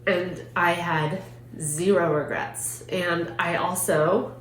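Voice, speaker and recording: A woman's voice: lowish voice, fairly even intonation, slow pace. A woman hosting a podcast, telling a personal story in an earnest, heartfelt way, often saying "like". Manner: earnest, heartfelt, frequent "like" fillers. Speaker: podcast host. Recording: roomy echo with faint hum.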